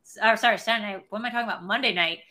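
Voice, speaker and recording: A woman's voice: medium pitch, very fast, bright, forceful tone. A woman co-hosting a casual movie podcast, chatty and full of fillers as she plugs things and announces shows. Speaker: podcast co-host. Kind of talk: casual chat.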